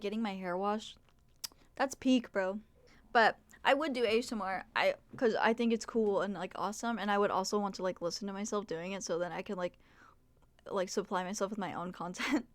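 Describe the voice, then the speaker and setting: A young woman chatting on a live stream, rambling and self-deprecating, with "like" dropped into nearly every phrase. Her voice sits in a middle pitch and sounds smooth and clear. The sound is close and dry, with almost no room around it. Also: no echo. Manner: rambling, heavy use of "like", self-deprecating, quick asides to chat. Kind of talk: casual live-stream chat.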